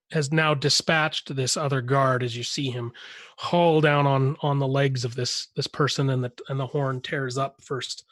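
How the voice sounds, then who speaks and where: A man narrating a tabletop game as game master, often pausing and restarting his sentences. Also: medium pitch, dry recording. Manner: hesitant, many restarts while describing.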